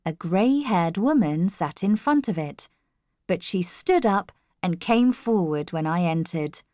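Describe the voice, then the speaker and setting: A woman narrating a first-person story in a calm, measured reading voice. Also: lowish voice, no room sound, clean studio sound.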